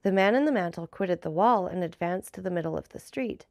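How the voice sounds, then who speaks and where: A woman narrating a classic novel as an audiobook in a measured, formal reading. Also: lowish voice, a little mellow, no room sound.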